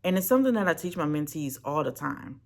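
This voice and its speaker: An animated Christian business owner teaches viewers straight to camera in a motivational style. The voice laughs often, restarts sentences with repeated words, and keeps checking in with the listener. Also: mid-range voice, fast, creaky. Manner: asks the viewer "right?" and "okay?" often.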